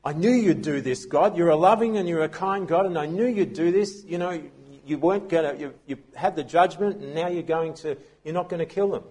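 A man's voice: fairly high pitch, fairly quick, few pauses, darkish tone, slightly rough, voice pushed up. A man playing an indignant, resentful grown prophet, complaining in an exasperated outburst. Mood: angry.

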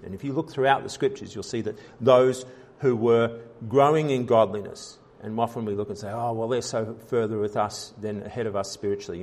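A man's voice: on the low side, a little mellow. A man preaching a sermon as pastor, in an earnest style with frequent fillers, restarts and rising emphasis.

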